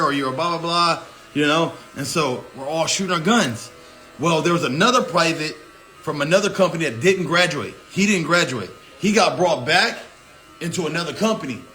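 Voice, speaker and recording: A man in his thirties spins a personal story in an easy, profane, conversational flow. His voice sits a little higher than most men's, and he talks like he's catching up with friends. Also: fairly bright tone. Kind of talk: casual spoken storytelling.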